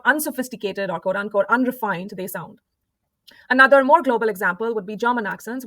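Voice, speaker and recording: A woman from India giving a calm, measured scripted narration for an explainer video. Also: on the high side, no echo.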